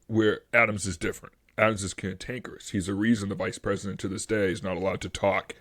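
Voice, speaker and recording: A man with a thick Boston accent talks in a low, easy voice on a history podcast. He is animated and chatty, laughing often, and his voice is close and dry with no room sound. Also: fast, dry recording. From Massachusetts. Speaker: podcast co-host. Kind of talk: casual chat.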